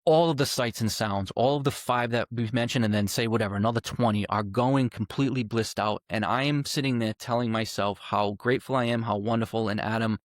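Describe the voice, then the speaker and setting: A man speaks at a middle pitch, earnest and emphatic, stacking repeated phrases and dropping the odd curse as he tells his story. He is a guest on a podcast. The sound is dry and close, with no room around it. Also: brisk, hardly any pauses, no echo. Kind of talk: personal storytelling.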